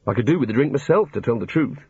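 A man's voice: mid-range voice, expressive, rapid-fire, a little mellow, breathy edge, dry recording. A man doing a mumbling hapless wizard. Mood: grumbling. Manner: mumbling, muttering, put-upon. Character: grumbling cowardly hapless wizard, adult man. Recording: dull lo-fi recording.

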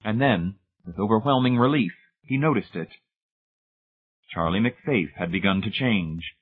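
Husky low-voiced male audiobook narrator. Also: normal speed. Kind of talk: scripted narration. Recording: tinny phone-like sound.

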